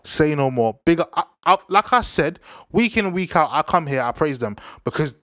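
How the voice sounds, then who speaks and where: Slangy young football ranter. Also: male voice, a little high, normal speed, no echo, studio quality. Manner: animated, slang-heavy, laughing. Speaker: football vlogger. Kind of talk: casual football banter.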